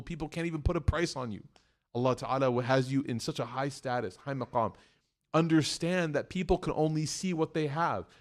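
A man giving a sermon, acting out the voices in his stories with humor, then exhorting earnestly. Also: fairly high pitch. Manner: acts out story voices, animated and joking. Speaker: preacher. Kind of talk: storytelling sermon.

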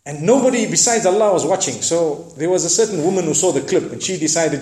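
A man preaching, retelling a story dramatically with lively asides and moral lessons. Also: fairly high pitch, fast, reverberant. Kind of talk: sermon storytelling.

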